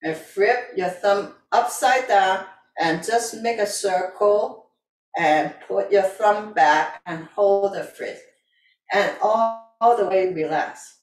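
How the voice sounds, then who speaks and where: A woman teaching a tai chi class, calmly repeating breathing cues in simple, broken grammar. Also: mid-range voice, slow pace. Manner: calm, repetitive breathing cues, simple non-native grammar. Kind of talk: guiding an exercise class. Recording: echoey room, voice from a distance.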